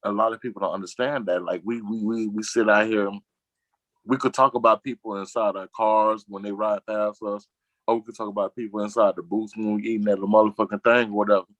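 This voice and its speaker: A man, chatting casually as a talk-show guest, rambling and slangy, acting out quoted friends in a lower voice. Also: fairly even intonation, fairly quick, a bit bright, no echo, lo-fi sound. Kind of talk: casual chat.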